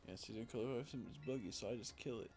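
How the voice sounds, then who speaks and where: A young man streams a game with game music behind him, his mid-range voice dark-toned and racing. Tired, he swears while chatting to viewers in casual gaming commentary.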